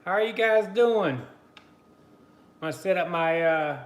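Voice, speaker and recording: A man's voice: sits high, lively intonation, unhurried, roomy sound. A man hosting a casual live stream, chatty and greeting his viewers by name between easy laughs. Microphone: computer mic on a live stream.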